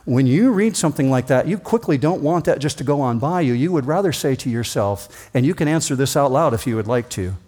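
A man preaching a sermon as a pastor, reading scripture aloud and acting out quoted greetings with expressive delivery. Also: medium pitch, a little fast, hardly any pauses, husky.

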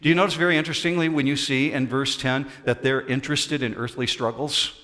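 A man preaching a sermon as pastor, emphatic and dramatic, stretching out key phrases slowly. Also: mid-range voice, fairly even intonation, bright, forceful tone. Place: church sanctuary. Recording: long hall reverb.

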